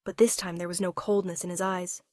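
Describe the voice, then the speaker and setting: Lady reading a romance story, low steady voice, emotional, dry sound. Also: a little fast, no echo. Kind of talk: first-person romance story narration.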